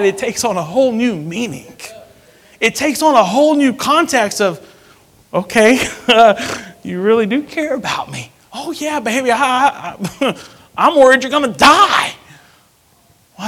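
Man preaching, husky voice, fairly high pitch, storytelling with loud bursts. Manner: storytelling, animated, with sudden loud outbursts. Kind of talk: sermon with personal story.

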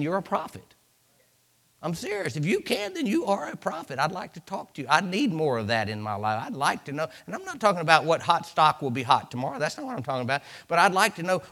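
A man preaching to his church, his voice sitting a touch high for a man. He talks to the congregation in a loose, chatty way, acting out little scenes and calling out hallelujahs as he goes. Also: a bit bright. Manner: preachy, conversational, with acted-out asides and hallelujahs. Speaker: pastor. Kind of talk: sermon.

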